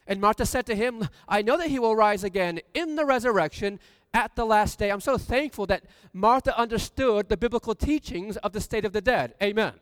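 A man preaching a sermon, reading scripture aloud and asking the congregation questions, rising to loud emphasis. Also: high voice, a little fast, clean tone. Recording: long reverb from a hall.

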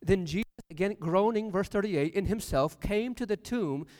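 A man preaching a sermon, reading scripture aloud and asking the congregation questions, rising to loud emphasis. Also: high voice, normal speed. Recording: long reverb from a hall.

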